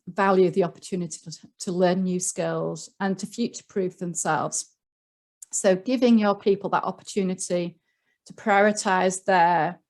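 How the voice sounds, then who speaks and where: A woman's voice: medium pitch, a little mellow. A woman with a Yorkshire accent, speaking as a guest on a leadership panel, explaining ideas earnestly with frequent ums and small restarts. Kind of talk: online panel talk.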